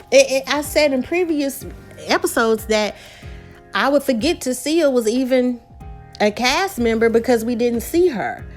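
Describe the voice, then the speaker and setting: Sassy girl chatting a reality show recap, kinda high voice, soft music behind. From Southern United States. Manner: sassy, talks straight to viewers.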